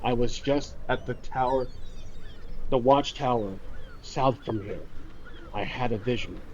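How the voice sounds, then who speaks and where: A man voicing an earnest young male adventurer in a solo tabletop game, speaking low and solemn, on a dull lo-fi recording. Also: measured pace, darkish tone, a little hiss or hum, close to an everyday voice. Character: earnest young male wandering hero, soft-spoken.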